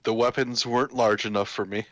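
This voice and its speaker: A man co-hosting a casual podcast chat, talking in halting bursts with restarts. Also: lowish voice, steady tone, no echo. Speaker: podcast co-host.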